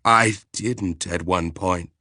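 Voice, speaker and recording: A man voicing an ancient, calm alien planetary intelligence that speaks in a clinical, measured, literal-minded way. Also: sits low, no room sound, studio quality, full character voice. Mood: detached.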